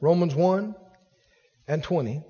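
A man's voice: a little high, slow pace, mellow, husky. A man preaching a sermon, exhorting his congregation emphatically and repeating lines for force. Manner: emphatic, repetitive exhortation with rising intensity. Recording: dull sound with long reverb in a large hall.

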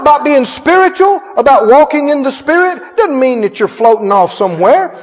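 A man's voice: extremely high pitch, lively intonation, moderate pace. A male pastor preaching with emphatic call-and-response and frequent chuckles. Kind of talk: sermon. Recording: echoey hall, dull sound.

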